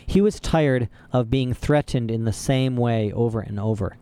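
Male storybook narrator, steady and even, warm mellow tone. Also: medium pitch, moderate pace, few pauses, clear, resonant tone. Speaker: audiobook narrator. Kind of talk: scripted narration.

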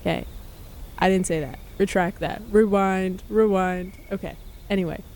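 A woman's voice: lowish voice, fairly even intonation, brisk, a little mellow. A young woman hosting a late-night college radio show, chatting casually and correcting herself as she rambles. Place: radio studio.

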